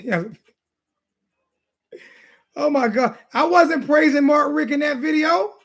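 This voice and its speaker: A man's voice: extremely high pitch, takes it slowly, vocal fry. A man hosting a sports talk show, ranting in a heated, repetitive way and throwing insults. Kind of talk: heated casual sports rant.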